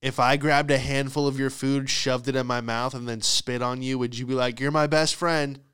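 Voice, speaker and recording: Smooth-voiced man ranting with exasperated comedy. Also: mid-range voice, moderate pace. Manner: profane, exasperated, animated ranting. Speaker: podcast host. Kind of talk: comedic storytelling monologue.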